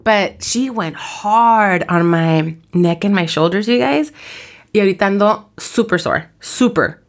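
A tired woman co-hosting a casual podcast chat, switching between English and Spanish, laughing through animated stories. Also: mid-range voice, a little slow. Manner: bilingual code-switching, laughing, animated storytelling. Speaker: podcast co-host.

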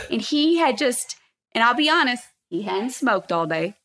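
A thirtysomething woman guest gets animated telling a heated story from her own life, cursing and performing quotes at full volume in casual talk. Her voice is fairly high and her pace normal.

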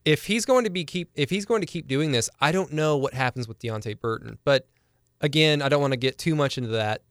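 A man's voice: on the high side, fairly quick, clear, resonant tone, no room sound, clean studio sound. A young man co-hosting a sports podcast, chatty and analytical in casual talk, laughing easily.

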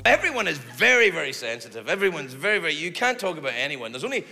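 A man's voice: a little high, sing-song, quick pace, creaky, music in the background. A man doing stand-up comedy live, rambling and profane, mocking himself as he goes. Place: live comedy venue with audience. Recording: reverberant live room with loud crowd.

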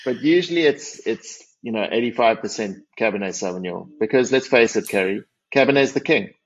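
A man's voice: lowish voice, lively intonation, a little fast, breathy edge. A man, a winery's managing partner, chatting as a guest in an interview with frequent restarts and self-deprecating humour. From South Africa. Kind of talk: radio interview. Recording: dull lo-fi audio.

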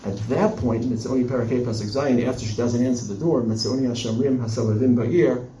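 A man teaching a text study lesson with an animated delivery, shifting between Hebrew verses and explanation. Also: medium pitch, fairly quick, slight background noise. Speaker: Bible teacher. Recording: roomy echo from a distance.

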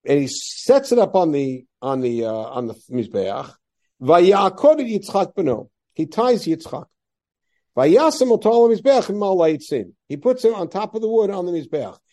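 In a classroom Torah lesson, a man reads Hebrew verses aloud and explains them through rhetorical questions. His voice is high-pitched and warm, with a sing-song quality and a moderate pace.

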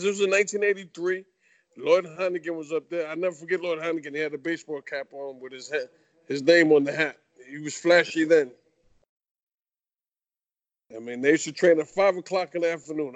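An older man from New York, a retired boxer guest, telling lively stories with many fillers. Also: fairly high pitch. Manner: animated anecdotal talk with fillers. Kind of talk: casual interview storytelling.

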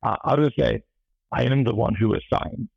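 A man's voice: mid-range voice, normal speed, gravelly, darkish tone, slightly rough, no echo. A man guesting on a podcast, joking dryly and rambling with restarts. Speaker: podcast guest, gun reviews editor. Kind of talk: casual podcast interview. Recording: dull lo-fi mic.

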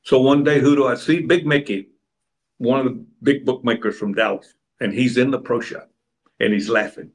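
A man's voice: mid-range voice, fairly even intonation, normal speed. Older man spinning yarns. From Texas. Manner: rambling raconteur, acts out other people's lines. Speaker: interview guest. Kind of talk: anecdotal storytelling.

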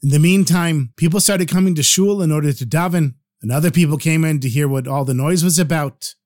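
Male storyteller, higher-pitched voice, dry close sound, dramatic folk tale narration. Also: brisk, a little mellow, no room sound.

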